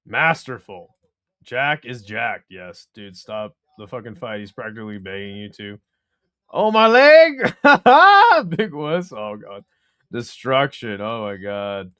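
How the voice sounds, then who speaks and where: A man hosting a live fight commentary stream from home, excitable and profane, laughing often. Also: lowish voice, measured pace, dry recording, clean studio sound. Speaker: host.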